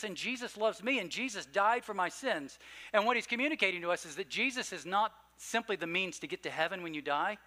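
A man preaching a sermon as pastor, earnest and conversational, punching key phrases and then dropping low and slow. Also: bright, forceful tone. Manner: conversational asides with fillers.

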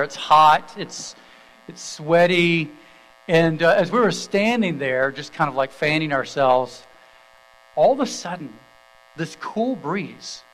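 A man's voice: a little high, fairly bright tone, rough recording. A middle-aged man preaching a sermon, telling a story in an easy, conversational way with small fillers, then reading scripture aloud. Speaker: pastor.

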